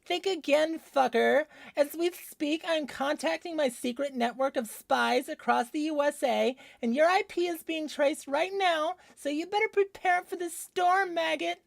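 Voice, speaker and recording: A man voicing a furious young woman, high-pitched and crackling with heavy fry, spitting vulgar threats. The sound is dry and close, with no room around it. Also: unhurried, few pauses, no room sound, full character voice. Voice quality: vocal fry.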